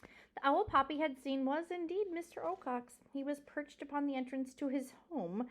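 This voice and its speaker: A woman reading a children's novel aloud, expressively, and pointing out the pictures. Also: high-pitched. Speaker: reader.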